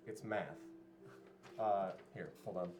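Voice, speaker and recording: A man's voice: lowish voice, level tone, slow pace. A man playing a tabletop game, making offhand, joking remarks. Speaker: player. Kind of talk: casual tabletop play. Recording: roomy, distant mic with music behind.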